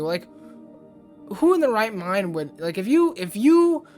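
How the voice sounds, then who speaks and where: A man hosting a casual ranting commentary vlog, rambling and exasperated, with lots of fillers. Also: high-pitched. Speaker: YouTube host.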